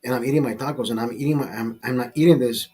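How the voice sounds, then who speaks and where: Husky man telling a profane story. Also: mid-range voice, racing, faint music behind. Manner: profane, animated anecdote with acted quotes. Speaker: podcast host telling a story. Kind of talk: casual storytelling chat.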